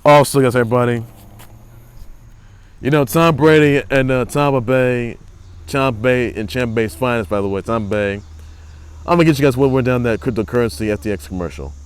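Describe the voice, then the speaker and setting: A man with a smooth, resonant voice at an ordinary middle pitch hosts his own sports report. He rambles and circles back on the same phrases, teasing and trolling the teams he talks about in loose, casual commentary. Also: moderate pace.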